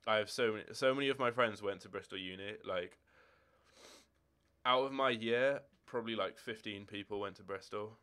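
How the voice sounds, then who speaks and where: On a game stream, an eighteen-year-old Scottish man chats casually and rambles, answering chat questions as they come from his home room with football shirts and drawers. His smooth, clean voice sits a little low, with a sharp tone and moderate pace.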